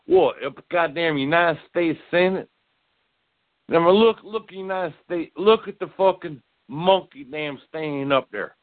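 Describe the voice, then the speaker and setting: A male caller ranting in a halting, profane way on a phone line. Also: on the high side, no room sound. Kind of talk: angry phone rant.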